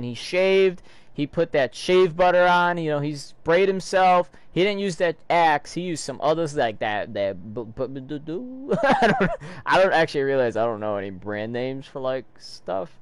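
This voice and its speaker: Excitable man with lively, jumpy pitch. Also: smooth, no echo. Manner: excitable, with loud sound effects and laughs. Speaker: video host reading a comic. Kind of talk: casual reaction commentary.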